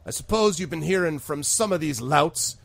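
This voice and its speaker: A woman's voice: low-pitched, animated, moderate pace, creaky, pitched above the performer's own voice, full character voice. A man voicing a stern, scolding middle-aged woman who is a village constable. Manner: curt, scolding.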